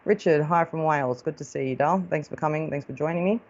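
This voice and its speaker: A woman's voice: low voice, quick pace, darkish tone, highs cut off. An Australian woman hosting a live stream as a psychic medium, chatting casually and affectionately, calling viewers darling as she greets them.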